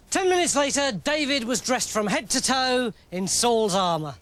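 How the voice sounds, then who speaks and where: High-voiced playful male storyteller. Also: animated, normal speed, few pauses, fairly bright tone. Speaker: narrator. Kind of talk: storybook narration. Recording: music playing under the voice.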